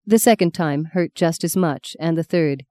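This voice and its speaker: A woman narrating an audiobook in a steady, measured storytelling voice, close to the mic. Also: sits low, no room sound. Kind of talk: scripted narration.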